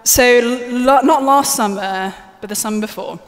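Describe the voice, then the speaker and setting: The speaker is a woman giving a chatty, joke-filled live conference talk from the stage, her fairly high voice moving at normal speed. A stage microphone in the large hall picks up live reverb and a little faint noise.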